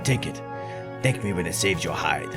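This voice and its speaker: A man voicing a stern, suspicious male bird inspector in a low, grave, put-on accent. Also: expressive, normal speed, gravelly, over loud music.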